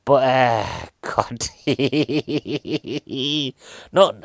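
A man's voice: mid-range voice, extremely slow, dry recording, clean studio sound. Rambling, jokey man in his forties. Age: 40s. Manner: rambling, jokey, self-mocking. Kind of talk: casual film review chat.

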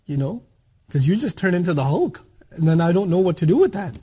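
A man's voice: high voice, big pitch swings, a little fast, mellow, slightly rough, heavily acted. A man acting out an exasperated spouse who complains sarcastically to their partner. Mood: sarcastic. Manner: sarcastic, aggrieved.

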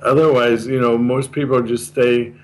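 Heard on a rough recording, this man has a mid-range voice, a level tone and a moderate pace. As an interview guest in a casual chat, he earnestly lays out a communication course's method and goes over the main points again.

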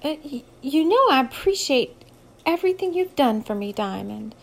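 Woman reading a jittery young woman, high, halting, pushing through. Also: lively intonation, a little mellow. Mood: nervous, earnest. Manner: hesitant, stammers then speeds up. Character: nervous young woman, stammering but determined.

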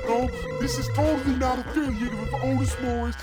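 A man's voice: very high voice, steady tone, fairly quick, over loud music. A man voicing a boastful, threatening young male gangster who urges donations with profane swagger. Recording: loud hip hop beat behind.

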